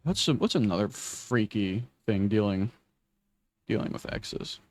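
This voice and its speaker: A man's voice: lowish voice, lively intonation, measured pace, darkish tone, a little hiss or hum. A young man casually rambling and swearing while playing a game, self-deprecating and often restarting his sentences. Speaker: gaming vlogger.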